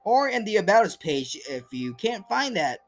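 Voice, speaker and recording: A young man talks through a homemade voice-over in a bouncy, up-and-down voice that sits a little high. He rambles, restarts and pokes fun at himself. Faint music plays underneath. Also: sing-song, moderate pace. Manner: rambling, self-deprecating, many fillers and restarts. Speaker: video creator presenting fan movesets. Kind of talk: casual voice-over commentary. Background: faint background music.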